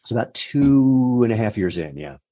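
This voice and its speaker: A man's voice: mid-range voice, normal speed, no echo. A man in his fifties, a business founder being interviewed, telling stories and acting out the voices of the people he quotes. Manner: animated storyteller who acts out quoted voices. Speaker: entrepreneur guest. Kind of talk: casual interview storytelling.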